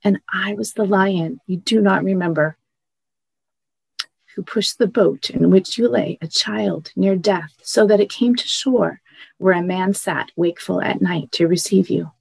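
A woman voicing a great male lion in a storybook reading, quiet and solemn. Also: medium pitch, measured pace, gravelly, husky, no room sound, pitched above the performer's own voice, poor audio. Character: vast, calm, deep-voiced male lion.

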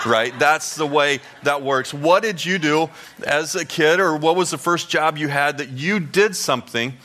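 A male pastor preaching a sermon with a bright, forceful tone. He talks conversationally, telling stories and throwing quick asides to his listeners. His pitch sits in an ordinary middle range. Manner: conversational storytelling, lively asides to the audience.

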